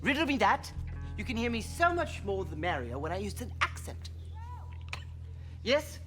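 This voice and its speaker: Pompous faux-British drama teacher. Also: female voice, mid-range voice, very animated, moderate pace, a bit bright. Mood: grandiose. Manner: pompous, theatrical, mock upper-class. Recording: film soundtrack with music underneath.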